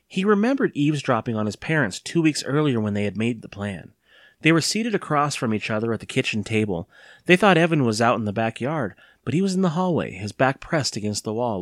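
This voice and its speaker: A man reading a children's horror novel aloud, with casual asides and fillers before steady narration. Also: mid-range voice, no room sound, studio quality. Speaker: reader.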